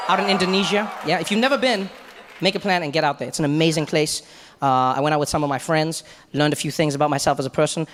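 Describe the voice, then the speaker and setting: South African comedian telling stories. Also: male voice, high-pitched, a bit bright, in a large hall. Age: 30s. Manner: conversational storytelling with asides. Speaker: stand-up comedian. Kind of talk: stand-up comedy set.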